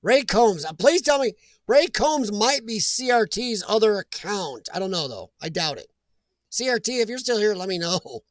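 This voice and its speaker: An American man with a high, light voice rambles through a casual live chat. He drifts between stories and greets viewers from the chat as he goes. The sound is dry and close, with no room around it. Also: very animated, moderate pace, no room sound. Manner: rambling, chatty, reads chat aloud. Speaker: live stream host.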